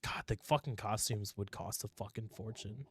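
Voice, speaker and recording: A young man co-hosting a podcast, telling a story casually with lots of swearing and quick put-on voices for the characters. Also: lowish voice, breathy edge, no echo. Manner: animated, profane storytelling, acting out characters in voices. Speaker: podcast co-host. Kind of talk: casual chat.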